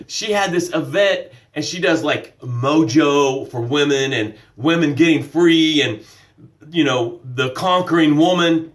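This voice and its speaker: Energetic guy coaching on a live stream, highish voice, repeats himself a lot. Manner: energetic, repetitive, preachy, laughs at himself. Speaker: life coach. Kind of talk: live-streamed motivational talk.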